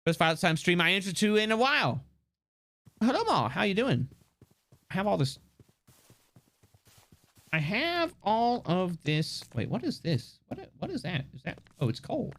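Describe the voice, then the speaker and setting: Lively, playful male game streamer. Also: high voice, normal speed, pauses often. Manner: rambling and playful, swears, laughs often. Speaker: live streamer. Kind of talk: casual live-stream chat while gaming.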